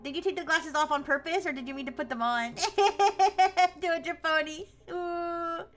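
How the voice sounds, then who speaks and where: Bubbly high-voiced young woman streamer. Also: a little slow, a bit bright, soft background music. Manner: bubbly, greets chat by name, laughs often. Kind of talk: casual live game stream chat.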